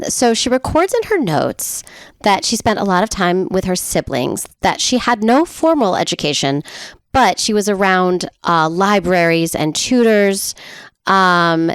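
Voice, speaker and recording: Casting note: playful American woman, podcast co-host, mid-pitched, dry close sound. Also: no echo. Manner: playful, laughs often, chatty asides. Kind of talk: casual chat, retelling a history.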